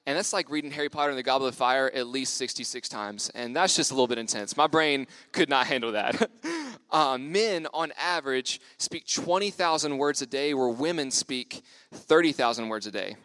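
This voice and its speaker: A young man in his twenties preaching in a loose, storytelling way. He keeps it light with self-deprecating jokes and easy laughs. His voice sits at a middle pitch and sounds close and dry. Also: moderate pace, fairly bright tone, no room sound. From United States. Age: 20s. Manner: upbeat, joking, self-deprecating, laughs often. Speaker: young church speaker. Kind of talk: casual storytelling sermon.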